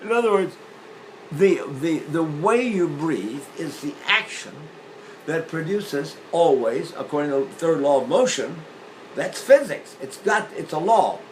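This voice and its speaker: An older man teaching singing, explaining breathing with lively demonstrations, often repeating and restarting phrases. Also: on the high side, measured pace, a little hiss or hum, poor audio. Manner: animated, illustrating points with sung demonstrations. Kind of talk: demonstrative vocal lesson.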